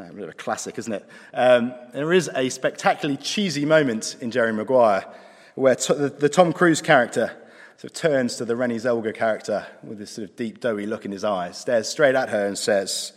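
A man preaching a sermon in a conversational way, with dry asides, slowing down for emphasis. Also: medium pitch. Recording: long hall reverb.

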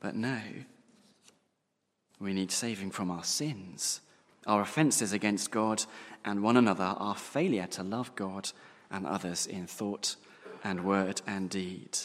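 A man preaching a sermon, slowing down and pausing to stress key words. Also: low-pitched, in a large hall.

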